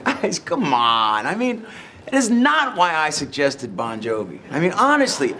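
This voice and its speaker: Brief: an earnest, defensive rock singer in a sketch, lively higher voice. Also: male voice, unhurried, background noise, heavily acted. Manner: earnest protesting. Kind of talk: sketch comedy acting.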